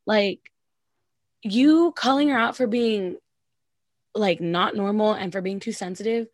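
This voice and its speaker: A woman's voice: medium pitch, measured pace, no room sound. Blunt, profane young woman with a dry sound. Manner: blunt, profane, emphatic, heavy use of "like". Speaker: podcast co-host. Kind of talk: casual chat.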